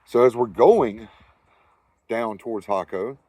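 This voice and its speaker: A man's voice: medium pitch, slow, mellow, no room sound. A man with a Southern US accent telling a rambling, profane anecdote in casual storytelling style. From Southern United States. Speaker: storyteller host.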